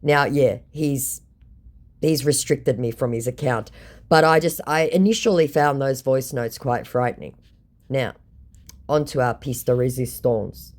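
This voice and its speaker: A woman casually telling viewers about her exchanges with scammers in a sarcastic, animated way. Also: rumbling low, measured pace. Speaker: scam-baiting content creator.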